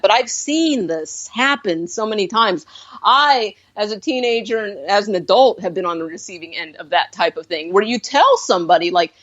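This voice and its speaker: A woman's voice: mid-range voice, a little fast, lo-fi sound. A woman co-hosting a movie podcast, chatting casually and acting out quoted lines. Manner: animated, acts out quoted lines. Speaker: podcast co-host. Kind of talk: casual movie review chat.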